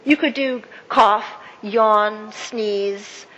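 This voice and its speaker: A woman speaker leading an audience through a counting and clapping exercise, with many fillers and warm praise. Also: mid-range voice, very slow, highs cut off, a little hiss or hum. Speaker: guest speaker. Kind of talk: interactive workshop talk. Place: event hall with audience. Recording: echoey hall with faint ambience.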